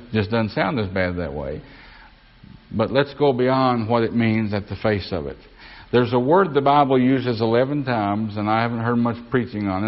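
A man's voice: lowish voice, muffled recording. A man preaching a sermon as pastor, folksy, often asking the congregation for an amen. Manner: folksy, asks congregation for amens.

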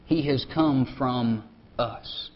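A male preacher, giving a conversational sermon and often dropping his voice soft for emphasis. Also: mid-range voice, drawn-out words. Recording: dull lo-fi recording.

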